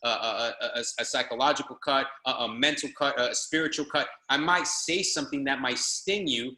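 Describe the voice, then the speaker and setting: A man with a medium-pitched, bright, forceful voice speaks fairly quickly in a reverberant space. Acting as a business trainer on a group call, he delivers a fired-up motivational speech, exhorting listeners and hammering the same phrases over and over.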